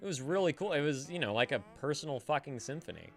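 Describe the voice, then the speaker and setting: A man's voice: a little high, lively intonation, quick pace, creaky, faint music behind. A man hosting a live stream, chatting casually with his viewers, swearing freely and laughing often. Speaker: livestream host.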